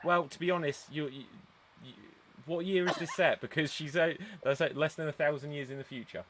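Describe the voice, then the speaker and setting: A man hosting a live-streamed improv show over a video call, brisk and chatty, laughing often as he runs the votes. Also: a little high, background noise.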